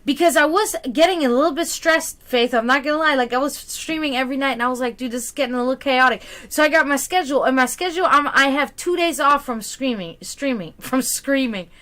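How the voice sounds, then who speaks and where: A woman's voice: high-pitched, a little fast, hardly any pauses, fairly bright tone. A young woman chatting casually with her stream viewers as a psychic reader, laughing often and restarting her sentences.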